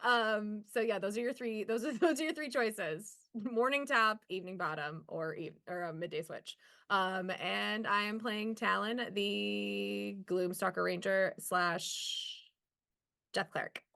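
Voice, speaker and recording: Bright-voiced playful woman player. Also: mid-range voice, measured pace, vocal fry. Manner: playful, laughing, tongue-tangled. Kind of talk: casual chat and read recap.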